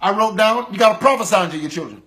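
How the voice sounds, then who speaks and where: High, bright-voiced preacher man. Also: lively intonation, fast talker, slight background noise. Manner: impassioned, rhythmic repetition, swings from loud calls to low intensity. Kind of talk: sermon.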